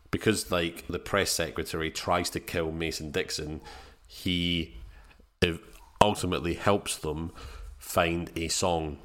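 Low-voiced man rambling about a film. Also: fairly bright tone. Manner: rambling, retells scenes with quoted voices. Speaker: podcast co-host. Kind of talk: casual film review chat.

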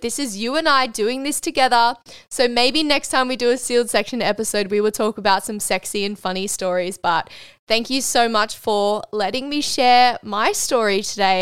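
A woman's voice: on the high side, a bit bright, clear, resonant tone, no room sound, clean studio sound. A young woman, hosting a podcast and telling a personal story candidly, swearing casually and getting emotional. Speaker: podcast host.

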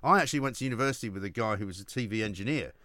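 A man hosting a radio talk show, chatting and telling stories in a brisk, conversational way. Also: on the low side, sharp tone, no echo. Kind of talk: casual radio chat.

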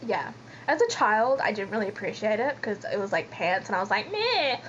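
A woman's voice: medium pitch, expressive, brisk. A woman co-hosting a podcast, chatting and rambling in a self-mocking way. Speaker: podcast co-host. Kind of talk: casual chat recapping a reality show. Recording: dull lo-fi sound with faint noise.

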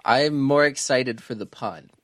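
A man playing in a tabletop game, joking and often halting mid-phrase. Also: medium pitch, a bit bright, dry recording. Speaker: player.

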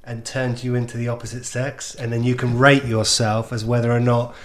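A man's voice: medium pitch, little pitch movement, brisk, a little hiss or hum. A man co-hosting a casual comedy podcast, laying out ideas for segments in plain words. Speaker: podcast co-host.

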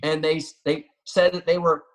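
A man and professional athlete talking as a guest on a casual podcast, telling animated, swearing, boastful stories. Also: on the high side, normal speed, low-quality recording. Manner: animated, profane, boastful storytelling.

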